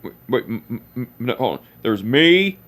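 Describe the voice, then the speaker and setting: A man telling a personal story, halting and repeating phrases as he restarts. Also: mid-range voice, big pitch swings, a bit bright.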